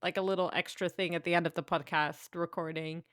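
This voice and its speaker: A woman co-hosting a podcast, chatting in a halting, teasing way with frequent laughs. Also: fairly low pitch, fairly even intonation, a bit bright, dry recording, clean studio sound. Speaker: podcast co-host. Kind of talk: casual chat.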